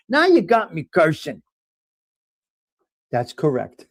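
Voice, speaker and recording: A man's voice: a little high, animated, moderate pace, long pauses, darkish tone, no echo. A man hosting a casual livestream, chatting with viewers in the comments and teasing them with mob-style jokes and swearing. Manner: joking mob-style banter, swears freely. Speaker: livestream host.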